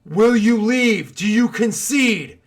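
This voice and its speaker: A man voicing a ruthless, menacing male frontier soldier who speaks in slow, cold, contemptuous tones. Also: breathy edge, close to an everyday voice. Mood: threatening. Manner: slow shouted threats, cold low contempt.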